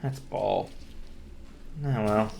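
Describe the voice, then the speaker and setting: A man's voice: lowish voice, extremely slow, gravelly, a little mellow, slight background noise. A man giving casual let's-play commentary, thinking aloud and grumbling wryly at the game. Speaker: gameplay commentator.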